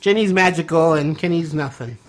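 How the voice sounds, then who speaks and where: Dry, teasing lower-voiced woman co-host. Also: fairly quick, noisy background. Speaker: podcast co-host. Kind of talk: casual chat, reading listener messages aloud.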